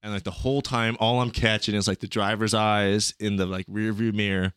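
A man's voice: fairly low pitch, brisk, clean tone, dry recording, studio quality. A young adult man on a podcast, telling a story in casual chat, swearing freely and acting out the people in it. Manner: profane, animated storyteller.

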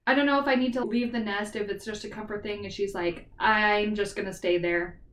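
A woman's voice: mid-range voice, a little fast, distant mic. A woman co-hosting a book podcast who retells a plot casually, with lots of "like". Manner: animated retelling, heavy use of "like". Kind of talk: casual chat. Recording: roomy echo, away from the mic.

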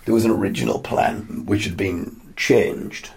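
Hoarse, gravelly Yorkshire man. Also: lowish voice, steady tone, a little slow, a little mellow. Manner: rambling storytelling with self-mocking asides. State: hoarse, losing his voice. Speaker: podcast host. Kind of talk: casual spoken diary.

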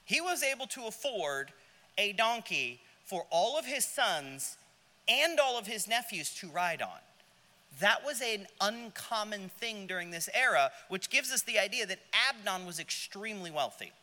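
A man's voice: high voice, very animated, measured pace, sharp tone, big-room sound. A man teaching a Sunday school Bible class, joking aside and asking the class questions as he reads. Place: church classroom.

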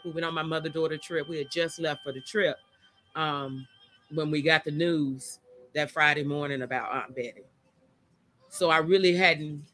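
A woman's voice: low voice, pushed and bright. A woman hosting a casual live stream, chatty and emotional, talking straight to her viewers from outdoors. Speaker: live show host. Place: outdoors by a motion-sensor light in the wind.

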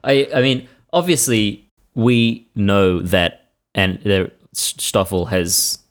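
A man's voice: lowish voice, takes it slowly. A man co-hosting a casual podcast, enthusiastically trading animal facts. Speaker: podcast co-host. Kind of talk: casual chat.

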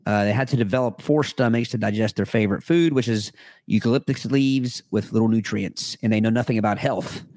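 A man's voice: lowish voice, brisk, darkish tone. Man reading out a countdown list. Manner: reads facts aloud, stumbles and laughs. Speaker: podcast co-host reading a top ten list. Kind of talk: casual chat.

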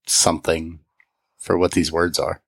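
A man's voice: low-pitched, flat delivery, a little slow, vocal fry, breathy edge. A man in casual chat, reading out quiz words and spelling them, in an easygoing, lightly teasing way. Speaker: quiz host among friends.

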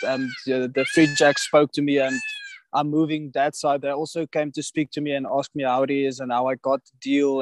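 A man answers questions on a podcast, his voice sitting a little high. He talks haltingly, stopping and restarting his sentences. The sound is dry and close, with no room echo. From South Africa. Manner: hesitant, many ums and restarts, laughs easily. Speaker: rugby player guest. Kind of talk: casual podcast interview.

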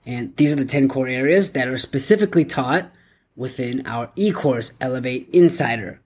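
A man hosting his own podcast, talking solo in an upbeat, energetic way and often tagging lines with "right?". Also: medium pitch. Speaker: podcast host. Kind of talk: solo motivational podcast talk.

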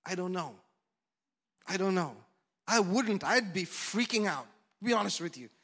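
Male pastor, high voice, bright tone, dynamic sermon delivery, handheld mic. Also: moderate pace, husky. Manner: lively preaching with loud shouts and sudden whispers. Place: church hall.

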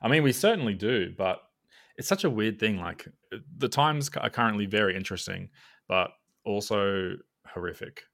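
A man rambles through a podcast chat and fills his sentences with "like". His very low voice has a gravelly, creaky edge. The recording is dry and close. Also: animated, normal speed, fairly bright tone, dry recording. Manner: rambling and chatty, says "like" constantly. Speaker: podcast co-host.

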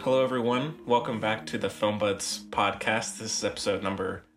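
A young man hosting a casual film podcast, talking with a relaxed, dry understatement. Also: fairly low pitch, fairly quick, far from the mic, over loud music. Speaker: podcast host. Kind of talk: casual chat. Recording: roomy echo, voice set back from the mic.

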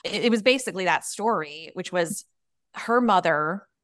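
A woman's voice: lowish voice, animated, moderate pace, a bit bright, no room sound, studio quality. A woman who writes and coaches, telling a personal story in a podcast interview, earnest and frank, with many "you know" and "like" fillers. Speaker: podcast guest, author and coach.

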